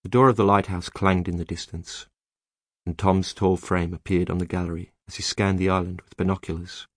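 A man narrating an audiobook in a measured, even storytelling manner, close to the mic. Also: sits low, no echo. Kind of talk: scripted narration.

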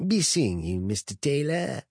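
A man voicing an ageless, sinister drug-den host who speaks in a breathy, falsely hearty voice, slow and coaxing. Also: mid-range voice, sing-song, a little mellow, dry recording, studio quality, pitched above the performer's own voice, heavily acted. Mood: wheedling. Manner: silky, wheedling, slow and coaxing. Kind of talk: audiobook character voice.

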